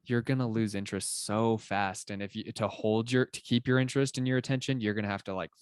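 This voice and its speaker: A young adult man co-hosting a podcast, explaining ideas in an animated, casual way with plenty of filler words. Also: lowish voice, fast talker, smooth, dry recording. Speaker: podcast co-host. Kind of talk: casual conversational chat.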